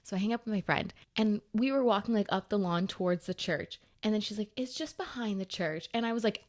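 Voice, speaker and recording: A young woman co-hosting a podcast, telling a story in an animated, exasperated rush, full of "like"s. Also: mid-range voice. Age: young adult. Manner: animated, rushed, exasperated retelling with many "like"s. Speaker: podcast co-host. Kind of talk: casual storytelling.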